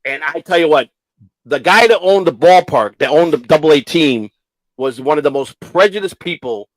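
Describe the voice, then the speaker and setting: A man hosting a casual talk show, telling long rambling stories with halting restarts. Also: fairly high pitch, animated, dry recording, low-quality recording. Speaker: show host. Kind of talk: casual storytelling chat.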